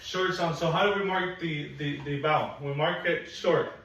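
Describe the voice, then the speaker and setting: A man teaching phonics one on one, patient and encouraging, slowly repeating sounds for a young learner in a classroom. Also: fairly high pitch, steady tone, a bit bright. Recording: echoey room, mic at a distance.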